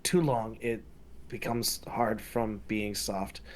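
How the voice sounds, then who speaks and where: A man voicing a huge, simple-minded young male hatchling who talks about himself in the third person, slow and halting. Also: lowish voice, steady tone. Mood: earnest. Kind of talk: tabletop role-play.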